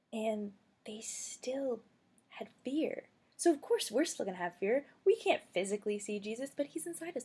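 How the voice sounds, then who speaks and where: A young woman telling faith stories in a casual, chatty video blog, excitable and full of fillers, while feeling under the weather. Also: mid-range voice, breathy edge. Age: young adult. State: feeling sick. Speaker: video blogger.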